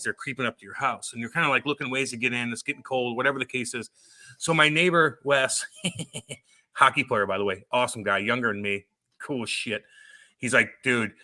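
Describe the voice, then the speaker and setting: A podcast co-host tells stories in a blunt, profane, casual chat. His voice is medium-pitched with a sharp tone.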